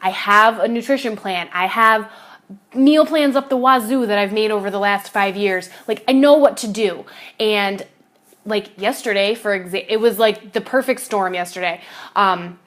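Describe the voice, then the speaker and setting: A woman fitness coach talks to the camera in a casual, confessional vlog, rambling with fillers and restarts and swearing offhandedly. Her voice is medium in pitch and her speed is normal.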